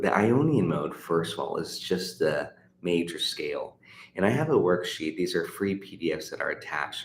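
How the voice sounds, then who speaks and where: A middle-aged man teaching a livestream guitar lesson, chatty and encouraging, with many fillers and restarts. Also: low voice. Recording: echoey room with faint noise.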